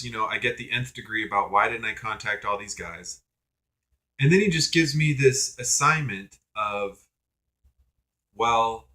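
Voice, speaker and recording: A young man rants to his camera about a frustrating situation, his bright, slightly tense voice sitting at an ordinary pitch. He sounds exasperated and sarcastic, rambling along with plenty of ums and likes. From United States. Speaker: vlogger. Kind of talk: venting rant to camera.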